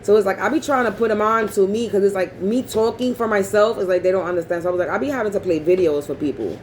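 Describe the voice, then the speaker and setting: A woman's voice: medium pitch, fast talker, darkish tone, slight background noise, low-quality recording. A woman vlogger in a rambling casual monologue, talking bluntly and profanely.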